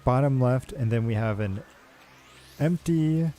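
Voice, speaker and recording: A man's voice: medium pitch, a little slow, warm tone, faint music behind. A man streaming a game, casually reading the story text aloud with asides. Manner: casual, with filler asides and restarts.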